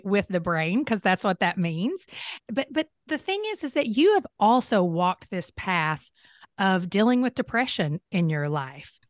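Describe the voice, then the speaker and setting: A woman's voice: mid-range voice, dry recording, clean studio sound. A woman hosting a conversational interview, affirming and thoughtful as she asks her questions. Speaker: interview host.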